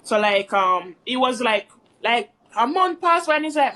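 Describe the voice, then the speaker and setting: High-voiced chatty woman vlogger. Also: very animated, a little fast, a bit bright. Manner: rambling, chatty, addresses viewers as guys. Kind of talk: casual storytime vlog.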